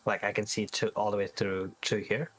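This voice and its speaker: A man chatting casually as a player in a tabletop game, with quick asides. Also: on the low side, flat delivery, a bit bright.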